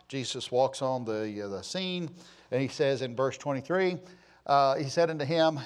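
An older pastor delivers a sermon in a smooth, medium-pitched voice at normal speed. He begins with easy, conversational storytelling and builds to impassioned, emphatic crying out.

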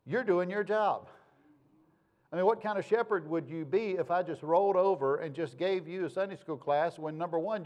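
A man's voice: on the high side, darkish tone. A male pastor, preaching in a folksy, conversational way with homespun sayings. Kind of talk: sermon.

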